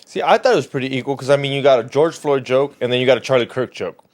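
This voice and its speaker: Male co-host, mid-pitch, relaxed chatty interjections. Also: quick pace. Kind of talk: casual podcast chat.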